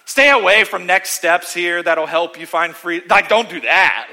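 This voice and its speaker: A man's voice: high-pitched, fairly quick, vocal fry, hardly any pauses. A man preaching a sermon in a church auditorium. He preaches with sarcasm, acts out voices of other people and calls on the congregation to answer back. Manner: sarcastic, animated preaching with mock voices and call-and-response. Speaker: pastor.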